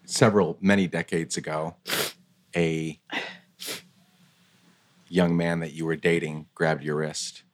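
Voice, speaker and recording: A man hosting an interview, reflecting on his guest's story in a thoughtful, measured way with pauses. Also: extremely low pitch, little pitch movement.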